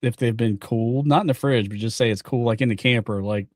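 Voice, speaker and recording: A man's voice: mid-range voice, fast, a little mellow, dry recording, clean studio sound. A man as a guest on a gaming podcast, talking casually and rambling through his stories. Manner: rambling, restarts mid-sentence. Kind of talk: casual chat.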